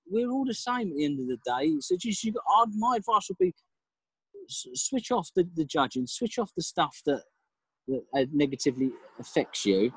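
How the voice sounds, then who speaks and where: A man's voice: high voice, sing-song, a little fast, breathy edge, no room sound, rough recording. A man, a father, talking reflectively as a podcast guest, with laughs and hesitant restarts. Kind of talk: casual interview chat.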